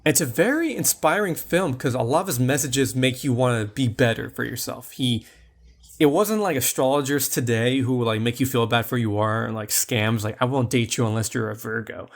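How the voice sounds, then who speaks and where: A man talking casually on a podcast as co-host, rambling through a film review. His delivery is loose and chatty, full of "like" and restarts, at a moderate pitch. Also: moderate pace.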